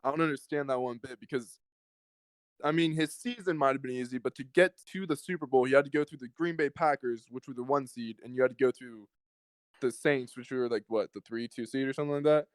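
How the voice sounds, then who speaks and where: A man's voice: medium pitch, brisk, dry recording, poor audio. A young man co-hosting a casual podcast, talking in long rambling runs and swearing freely. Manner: rambling, swears, mimics others. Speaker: podcast co-host. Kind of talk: casual chat.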